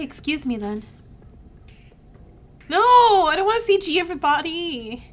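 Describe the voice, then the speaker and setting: A woman's voice: a little high, slight background noise. A woman streamer with a sick-sounding voice, chatting casually and reading game text aloud as she plays. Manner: chatty, reacts with sighs and groans between read lines. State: recovering from illness, sick-sounding voice. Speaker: let's play streamer.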